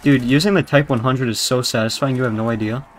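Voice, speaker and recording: A man's voice: mid-range voice, fairly even intonation, fast, a little hiss or hum. A young man with a British accent giving crude, rambling, jokey commentary while playing a zombie video game. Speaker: gaming YouTuber. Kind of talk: casual gameplay commentary.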